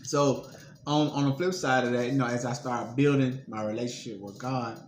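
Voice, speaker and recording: A man's voice: medium pitch, moderate pace. A man hosting and casually telling his own faith testimony, with slang and fillers. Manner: relaxed storytelling with fillers and slang. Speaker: host. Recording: echoey room, faint noise.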